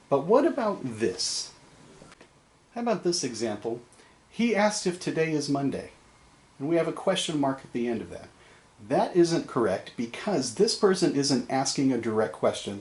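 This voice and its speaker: Easygoing man giving a video lecture. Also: mid-range voice. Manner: relaxed and conversational, with fillers and light laughs. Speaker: teacher.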